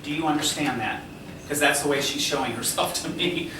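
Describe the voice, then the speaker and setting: A man with a high, light voice gives a psychic reading to a crowd, constantly checking in with his listener and chuckling along the way. He is picked up from a distance, so the sound is roomy and echoing. A steady background noise runs underneath. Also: brisk. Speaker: psychic medium. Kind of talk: live mediumship demonstration. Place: restaurant dining room before a seated audience.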